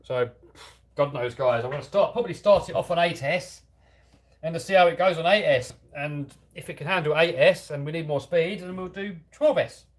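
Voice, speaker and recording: Man, light London-area accent, slightly higher voice, casual live-stream chatter, self-deprecating, lots of fillers. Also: moderate pace. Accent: London-area English, lightly Cockney. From England. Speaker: host of a hobby channel live stream. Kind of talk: casual live-stream chat reading out viewer comments.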